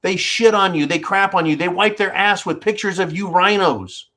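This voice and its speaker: A man hosting his own channel, delivering a profane, sarcastic political rant with sudden jumps in pitch and volume. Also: normal speed. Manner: loud swings in pitch and volume. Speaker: channel host.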